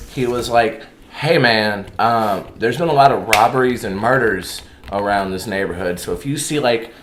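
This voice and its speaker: A comedian rambles loosely through a story, his pitch rising and falling widely. The room echoes around him. Faint noise sits under the recording. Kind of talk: casual storytelling chat.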